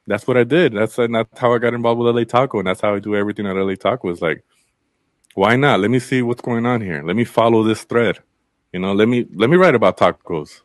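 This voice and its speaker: A man with a fairly low voice talks as a guest on a podcast, telling stories candidly in a loose, rambling way. He swears freely and leans on fillers. The sound is close and dry, with almost no room around it. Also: fast, dry recording. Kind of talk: casual conversation.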